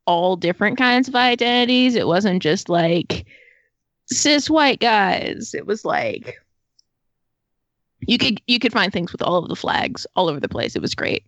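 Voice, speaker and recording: A woman's voice: mid-range voice, very animated, measured pace, a bit bright, no room sound, muffled recording. Woman, podcast co-host, enthusiastic, rambling, dry close sound. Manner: enthusiastic, rambling with many likes. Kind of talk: casual chat.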